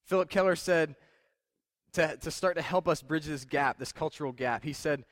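A young male preacher with a slightly raised pitch delivers a casual, conversational sermon. He is plain-spoken and self-deprecating, stumbling into fillers and restarts. The sound is dry and close, with no room echo. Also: normal speed.

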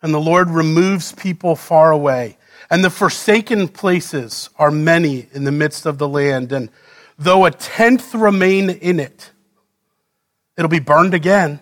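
High-voiced man preaching with dramatic swings. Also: measured pace. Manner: dramatic, swings from loud pleading to quiet low reading. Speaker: pastor. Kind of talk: sermon.

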